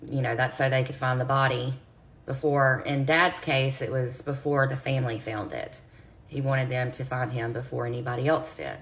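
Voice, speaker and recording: Woman, low voice, earnest storyteller talking straight to her followers on a phone video. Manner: earnest, direct, speaks straight to viewers. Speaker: true crime creator. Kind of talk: personal storytelling to camera.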